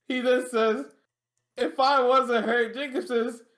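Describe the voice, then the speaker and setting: A man with a high-pitched voice co-hosting a casual wrestling recap. He laughs often, sounds incredulous, and reads out wrestlers' lines word for word. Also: fairly even intonation, slow, fairly bright tone. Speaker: podcast co-host.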